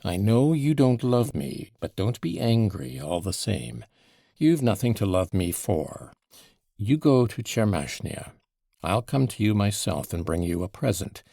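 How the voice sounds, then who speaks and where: A man's voice: lowish voice, very animated, unhurried, dark tone, no room sound, clean studio sound, heavily acted. A man reading the part of a drunken, quarrelsome old father who rambles, wheedles and taunts, in an audiobook. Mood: wheedling.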